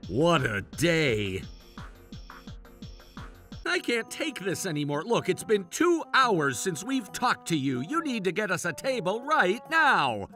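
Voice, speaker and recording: A man's voice: high-pitched, wildly swooping pitch, slow pace, sharp tone, faint music behind. A man voicing a patient father, talking in a restrained, earnest way with simmering frustration. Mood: frustrated. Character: patient father taking his daughter to dinner. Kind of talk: animated story voice acting.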